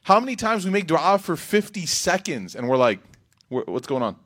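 A man giving an Islamic reminder talk in a lively, rhetorical way, breaking into quick Arabic recitation. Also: a little high. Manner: animated, rhetorical, acts out quotes. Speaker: religious speaker.

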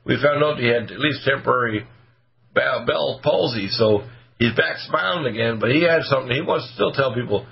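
A man's voice: medium pitch, a little fast. A man in his seventies hosting a talk radio show, rambling and joking. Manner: rambling, joking, hoarse-edged. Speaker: radio host, doctor. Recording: muffled radio audio, faint music.

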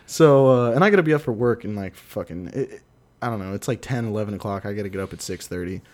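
With a low-leaning, expressive voice that's darkish and quick, a podcast co-host rambles through a lengthy story, cursing often and acting out what people said.

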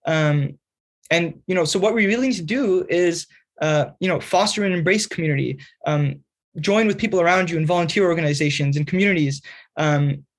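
Talking a little fast in a fairly high pitch, this male guest is a magazine writer being interviewed. His answers are earnest and lengthy, almost like a lecture, and he keeps tacking on "right?".

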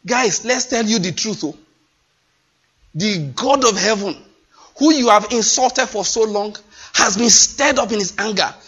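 A man's voice: sits high, unhurried, a bit bright, breathy edge. A man preaching a sermon, impassioned and emphatic, repeating his phrases. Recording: dull lo-fi recording.

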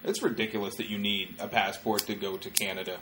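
A man with a low-pitched voice chatting loosely as a podcast co-host, trailing off and filling pauses as he goes. He sounds middle-aged and unhurried, and a faint hiss of noise sits under the recording. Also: steady tone. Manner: loose and rambling, with frequent filler words. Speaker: stand-up comedian, podcast co-host. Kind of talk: casual chat.

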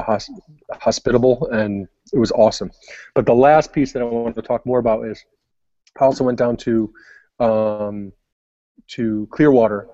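A man's voice: mid-range voice, mellow, no room sound, lo-fi sound. A young adult man telling a long story in casual podcast chat, rambling with many fillers. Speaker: podcast co-host.

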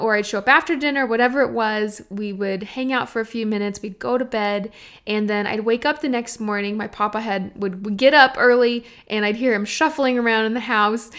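A young woman from Texas talks through her solo podcast. She sounds chatty and earnest, speaking straight to her listeners in a voice that sits a little high. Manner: warm, chatty and earnest, addressing listeners directly. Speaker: podcast host. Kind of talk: casual solo podcast talk.

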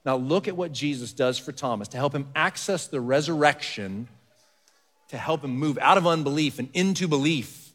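A man preaching a sermon as pastor, reading scripture softly and building to earnest emphasis. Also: on the high side, normal speed. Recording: long hall reverb.

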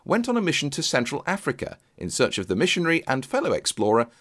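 Wry male narrator introducing sketches, lively intonation. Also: a little high, quick pace, slight background noise. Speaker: podcast host narrator. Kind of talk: scripted narration linking sketches.

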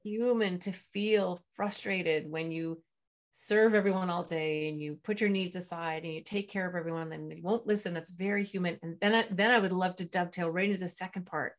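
A woman with a fairly low voice hosts a podcast interview. She speaks in an affirming, reflective way, drawing on her own work as a parent coach. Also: fairly even intonation, fairly quick.

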